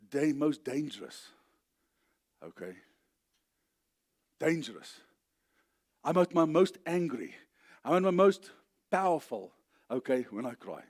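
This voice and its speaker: Male pastor, South African accent, middle-aged, emphatic church sermon, slightly high voice. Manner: emphatic, rising to loud declarations then dropping low.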